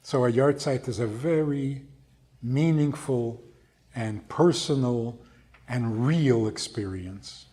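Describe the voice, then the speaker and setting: A man, a rabbi, giving an unhurried storytelling lecture, stretching key words for emphasis. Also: medium pitch, dark tone, breathy edge.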